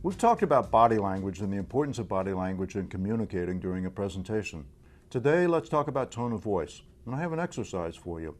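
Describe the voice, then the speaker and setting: A man presenting a communication tips lesson straight to the viewer, in a clear, deliberate, instructional way. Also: on the low side, animated, darkish tone, faint music behind. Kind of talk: direct-to-camera coaching lesson.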